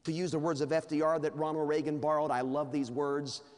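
A man's voice: on the high side, level tone, fairly quick. A man preaching a sermon in a folksy, humorous, conversational way, from a church sanctuary. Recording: long reverb of a large hall.

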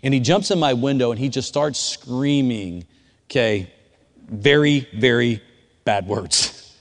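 A pastor delivering a sermon as a story, his voice sinking to near hush and then climbing to shouts. Long reverb from a church hall trails after his words. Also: mid-range voice, a little slow. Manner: swings from hushed storytelling to shouted quotes. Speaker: youth pastor.

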